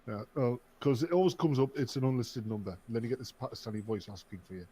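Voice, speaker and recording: A man in his fifties chatting casually with friends on a stream and telling stories in an animated way. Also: medium pitch, fast talker, breathy edge. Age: 50s. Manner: animated storyteller. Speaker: stream guest. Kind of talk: casual group chat.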